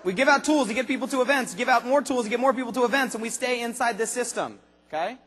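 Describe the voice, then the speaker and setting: Man, motivational speaker, very high husky voice, echoing big hall, emphatic questions, occasional shouting. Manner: rapid-fire questions to the audience, punchy and emphatic; bursts into shouting. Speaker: motivational speaker at a sales convention. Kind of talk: energetic convention speech. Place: large convention hall. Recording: long hall reverb.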